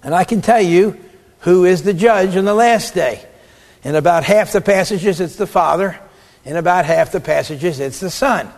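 An emphatic male preacher with a somewhat high voice, lively and expressive as he acts out the scripture he quotes. His sermon rings with the long reverb of a hall. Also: normal speed. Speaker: preacher and theologian.

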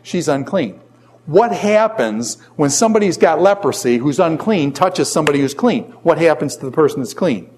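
Man, middle-aged, Bible teacher, classroom lecture, asks and answers his own questions, animated storytelling. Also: on the high side, moderate pace. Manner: animated storytelling with jokes and asides.

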